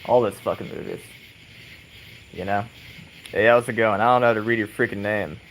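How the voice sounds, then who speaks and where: A man's voice: fairly low pitch, moderate pace, a bit bright, slight background noise, low-quality recording. Man, casual livestream chat, rambling and profane, chuckling, outdoor porch, faint background sound. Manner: rambling, heavy swearing, chuckling often. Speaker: livestream host. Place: outdoor porch, rocking on a swing.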